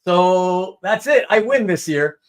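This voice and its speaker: Lively high-voiced man hosting a live stream. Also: slow. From Canada. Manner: animated storytelling, acts out quotes. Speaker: host. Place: home.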